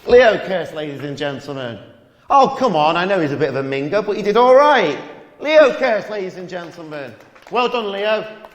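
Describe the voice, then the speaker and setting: A man's voice: high-pitched, very animated, moderate pace, dull audio. A man playing a brash comedy club emcee, announcing an act to the crowd. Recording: echoey hall with faint noise.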